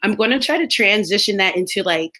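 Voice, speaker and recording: A woman's voice: medium pitch, fairly quick. A young American woman chatting casually on a live stream, telling stories with lots of laughter and playful impressions of other people. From United States. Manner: animated storytelling, laughs often, mimics others. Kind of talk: casual chat.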